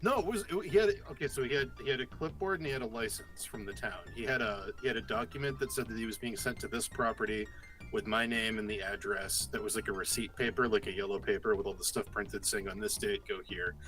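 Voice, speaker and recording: A man co-hosting a casual chat, telling a story in an animated way and swearing freely. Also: on the low side, quick pace, faint music behind. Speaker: podcast co-host.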